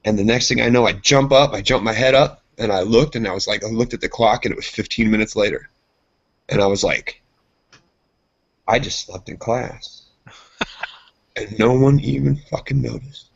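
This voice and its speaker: Husky, animated male podcast storyteller. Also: medium pitch, moderate pace. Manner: animated, acts out voices in his stories. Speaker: podcast co-host. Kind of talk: casual chat, storytelling. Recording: dull lo-fi podcast audio.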